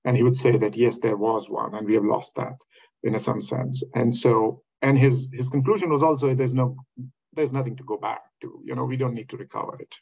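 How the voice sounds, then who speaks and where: A man's voice: medium pitch, steady tone, a little fast, gravelly, a little mellow, slightly rough, poor audio. A man giving a webinar lecture over a video call, thinking aloud with many fillers and restarts. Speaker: academic speaker.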